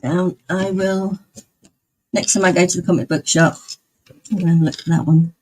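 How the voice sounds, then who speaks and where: A woman's voice: on the low side, steady tone, moderate pace, a little mellow. A woman live streamer chatting casually with her viewers, rambling and often laughing. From outside the United States.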